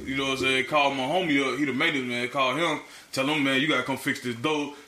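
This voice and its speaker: A man's voice: medium pitch, fast. A man on a casual podcast, telling stories with lots of swearing and acted-out quotes. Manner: animated, profane storytelling with acted-out quotes. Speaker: podcast co-host. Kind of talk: casual storytelling chat. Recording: roomy echo, faint background noise.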